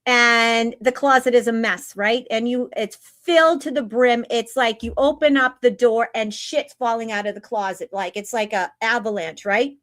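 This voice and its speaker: A woman's voice: on the high side, steady tone, a bit bright. A woman hosting a live-stream spiritual talk, earnest, repeating phrases and checking in with "right?" and "okay?". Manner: reads slow guidance lines, then talks freely.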